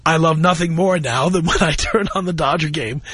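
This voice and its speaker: A middle-aged man hosting a talk radio show, telling stories in an animated way and laughing often, close on a studio mic. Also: fairly high pitch, normal speed, breathy edge, no room sound. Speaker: radio host.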